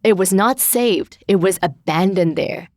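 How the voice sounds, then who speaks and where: A woman's voice: mid-range voice, unhurried, no echo, clean studio sound. A woman in her thirties, a guest in an interview, talking candidly and searchingly about her life with many filler words. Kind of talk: reflective personal conversation.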